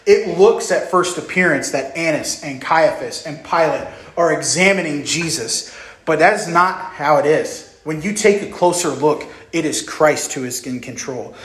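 A young male pastor delivers a sermon in a slightly high voice, talking conversationally and asking the congregation questions. The sound carries in a roomy, echoey church hall. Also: unhurried, a bit bright.

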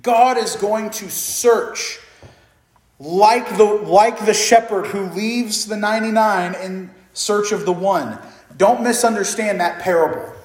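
High-voiced man preaching in an echoey room. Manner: earnest, emphatic preaching with repeated phrases. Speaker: pastor. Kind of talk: sermon.

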